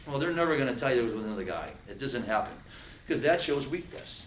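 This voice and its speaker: An animated man tells stories to a live audience, his pitch swinging widely as he acts out threats. He sounds a little far from the microphone in an echoey room. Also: fast, slight background noise. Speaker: speaker. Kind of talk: motivational talk to an audience.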